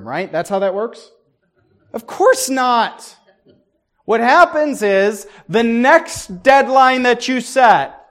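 A male pastor delivering a sermon in a fairly high voice, at a slow, deliberate pace. He drives his points home with rhetorical questions and trips over quick restarts as he builds emphasis.

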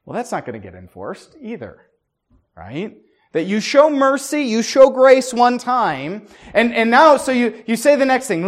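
A man's voice: extremely high pitch, expressive, moderate pace. A man preaching a sermon, emphatic, with many rhetorical questions and stammering restarts. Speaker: pastor.

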